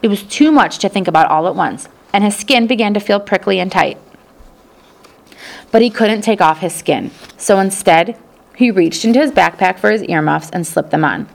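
Gravelly-voiced woman narrating an audiobook. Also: mid-range voice, moderate pace.

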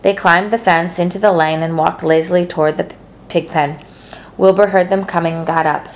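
A woman reading a children's novel aloud as narrator, with a steady, gentle delivery. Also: on the low side, a little fast, a little hiss or hum. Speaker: storybook narrator.

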